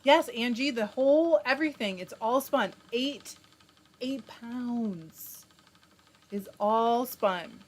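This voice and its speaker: Her voice on the high side and her pace slow, a woman spins yarn while hosting a live stream. She laughs often, chatting casually, greeting viewers by name and reading their comments out loud.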